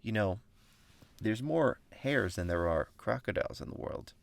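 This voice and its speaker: A man's voice: lowish voice, expressive, normal speed, creaky. A man voicing a boastful trickster white hare in a casually told myth, speaking in a cocky, mocking way.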